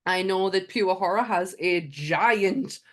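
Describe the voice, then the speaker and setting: A woman co-hosting a podcast, talking in a lively, eager and joking way. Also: mid-range voice, takes it slowly. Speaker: podcast co-host. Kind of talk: casual chat.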